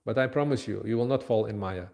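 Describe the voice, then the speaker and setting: A calm divine queen who comforts and promises protection, as a man tells her part in a sermon. The delivery is soft and plain, not loud. It stays close to a speaking voice. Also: lowish voice, fast talker, creaky. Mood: reassuring. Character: reassuring divine queen of the cowherd maidens.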